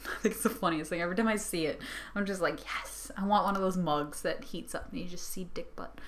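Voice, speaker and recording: A young woman with a lowish voice talks at a quick clip, venting to her camera from her bedroom. The vlogger, exhausted after a sleepless night, rambles casually, giggling and slipping in sarcasm.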